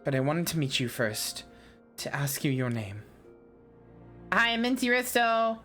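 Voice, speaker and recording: A woman voicing a timid, grieving young female adventurer who speaks softly, formally and a little haltingly. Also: low-pitched, sing-song, faint music behind, heavily acted. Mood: sorrowful. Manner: soft, halting, formal and polite.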